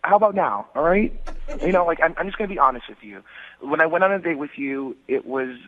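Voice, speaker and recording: A man's voice: on the high side, lively intonation, quick pace. A man calling into a radio show, talking in a goofy cartoon voice over a phone line. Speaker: caller.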